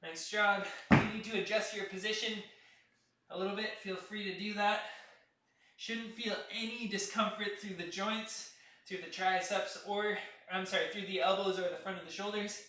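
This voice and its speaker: Bright-voiced man coaching a workout. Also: high voice, normal speed. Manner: counting out reps, steady coaching cues. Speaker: fitness instructor. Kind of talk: live workout class instruction. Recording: echoey room, voice from a distance.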